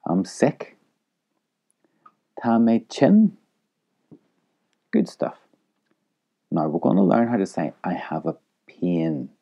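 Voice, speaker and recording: A man's voice: sits low, mellow, dull audio. A man teaching an audio language lesson, patiently repeating phrases for the listener to echo.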